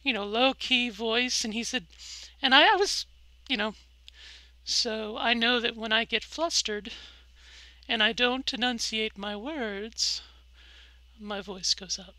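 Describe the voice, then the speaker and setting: Candid middle-aged woman, bright and dry. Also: on the high side, slow, long pauses, no room sound, poor audio. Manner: rambling, candid, with frequent fillers and restarts. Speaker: vlogger. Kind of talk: candid personal vlog.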